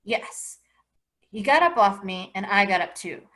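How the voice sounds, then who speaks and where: English teacher lady reading a novel out loud for class, expressive. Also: medium pitch, fairly quick. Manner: expressive first-person reading.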